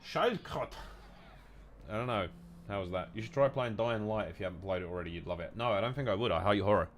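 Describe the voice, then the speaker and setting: A young English man chatting casually while gaming, jokey and rambling, with some swearing and bursts of loud mock shouting. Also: low voice. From England. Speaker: gaming streamer.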